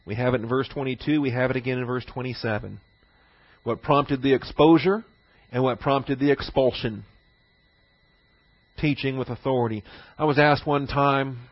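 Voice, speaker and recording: Male Bible teacher, mid-pitched voice, deliberate and repetitive, dry close recording. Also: no room sound, lo-fi sound. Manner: repeats key phrases for emphasis; poses rhetorical questions.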